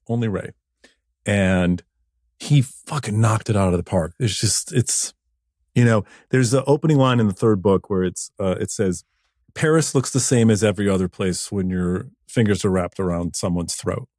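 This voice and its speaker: A man hosting a podcast, talking bluntly and excitedly, swearing freely in casual chat. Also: on the low side, moderate pace, dry recording, studio quality. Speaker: podcast host.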